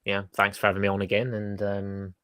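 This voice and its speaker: A man's voice: on the low side, monotone, a little fast, fairly bright tone, clean tone, no echo. A man who is a guest on a podcast, talking in a hesitant, casual way that often trails off. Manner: hesitant, full of fillers and trailing off. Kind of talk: casual chat.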